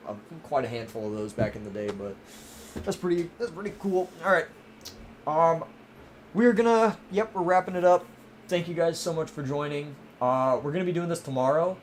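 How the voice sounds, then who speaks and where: This livestream host is a young man whose mid-range voice carries a little hiss or hum and is beginning to sound strained. He talks casually and reads viewer comments, rambling with frequent restarts and fillers, in a mixed Maryland, Southern and New York-New Jersey accent.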